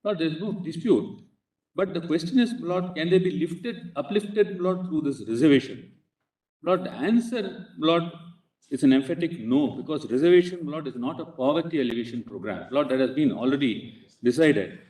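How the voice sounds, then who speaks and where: A man's voice: a little high, animated, normal speed, dark tone, distant mic. A man with an Indian English accent, arguing a case before a bench of judges and insistently addressing them as "my lord" at nearly every phrase. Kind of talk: courtroom legal argument. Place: courtroom. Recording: echoey courtroom webcast, speaker off-mic.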